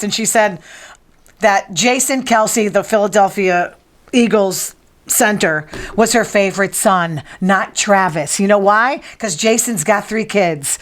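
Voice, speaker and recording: A woman's voice: fairly high pitch, fairly bright tone. A middle-aged woman hosting a casual news and gossip chat, opinionated and teasing the people in the room. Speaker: podcast host.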